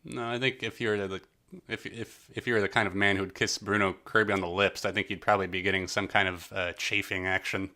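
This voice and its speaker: Male podcast co-host, low and bright-toned, rambling comic chatter. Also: little pitch movement, brisk. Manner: rambling, jokey, trails off and restarts. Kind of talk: casual chat.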